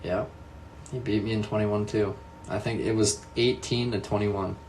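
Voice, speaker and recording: A man's voice: on the low side, steady tone, normal speed, darkish tone, a little hiss or hum. A young man chatting casually with viewers, answering their comments one by one, echoing his own answers and laughing often. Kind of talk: casual live chat.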